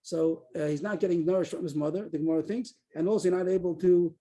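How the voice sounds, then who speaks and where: A man teaching a Talmud class over a video call, explaining quickly and repeating himself as he reads the text aloud. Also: fairly high pitch, steady tone, warm tone.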